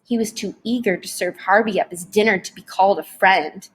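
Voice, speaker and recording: Woman, audiobook narrator, breathy, medium pitch, dramatic storytelling. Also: fairly quick. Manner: dramatic, varied storytelling delivery. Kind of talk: expressive audiobook reading.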